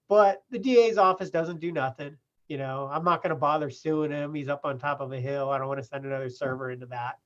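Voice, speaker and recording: Man, process server, casual storytelling, lots of "you know", fairly high voice, dull lo-fi sound. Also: steady tone, fairly quick. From California. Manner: plain-spoken, filler-heavy with frequent "you know". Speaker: process server and business owner. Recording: muffled lo-fi remote audio.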